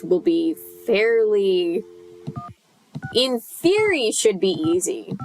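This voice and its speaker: A woman's voice: lowish voice, a little hiss or hum, poor audio. A young adult woman casually commenting on a game stream and chatting with viewers. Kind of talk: casual let's-play commentary.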